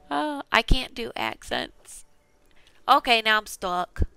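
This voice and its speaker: Gravelly woman chatting while gaming. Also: on the high side, lively intonation, slow pace, long pauses, sharp tone, no room sound. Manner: chatty, self-mocking, talks to herself while playing. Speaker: gaming channel host. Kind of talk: casual gameplay commentary.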